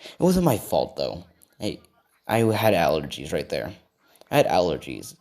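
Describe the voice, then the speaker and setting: A man's voice: deep voice, wildly swooping pitch, measured pace, darkish tone, voice pushed down, exaggerated voice. A man voicing a lonely, sheepish storm dragon trapped in a cave, in his own plain voice. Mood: chatty.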